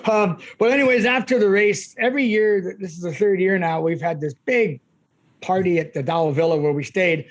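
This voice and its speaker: A middle-aged man with a notably high voice. He tells long, chatty stories full of fillers and often breaks into laughter. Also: fairly quick. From Canada. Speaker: guest, ultramarathon runner. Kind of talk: casual storytelling.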